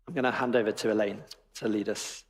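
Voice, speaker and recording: A man's voice: fairly low pitch, steady tone, fast talker. A man preaching a sermon in a church, emphatic and wry in tone. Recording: long reverb of a church hall.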